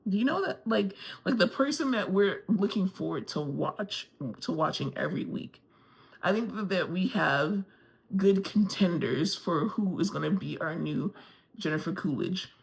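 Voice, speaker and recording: Woman from Florida, gravelly fry, casual TV recap, candid and gossipy. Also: lowish voice, expressive, moderate pace. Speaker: TV review vlogger.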